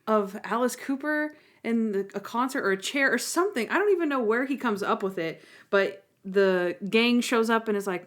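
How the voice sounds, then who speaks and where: A woman's voice: on the high side, moderate pace, hardly any pauses. A woman co-hosting a podcast in casual chat, rambling through recaps of scenes and quoting lines as she goes. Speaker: podcast co-host.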